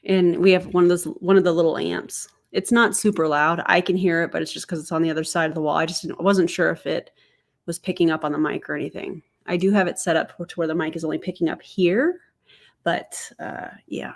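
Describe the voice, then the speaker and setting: A woman's voice: lowish voice, fairly even intonation, a little fast. A woman commenting sarcastically on a video clip in a casual reaction style. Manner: sarcastic, incredulous.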